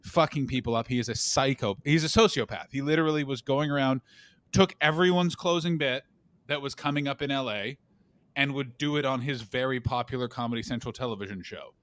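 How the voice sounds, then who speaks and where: A man co-hosting a comedy podcast, telling rambling, animated stories full of swearing and quoted voices. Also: mid-range voice, a little fast. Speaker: podcast co-host. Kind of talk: casual comedic chat.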